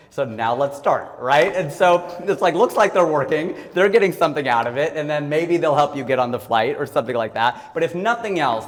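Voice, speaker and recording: A man in his forties from Ohio, giving a live motivational talk in a playful, self-mocking storytelling way. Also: mid-range voice. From Ohio, USA. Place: talk room or hall with an audience. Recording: long hall reverb.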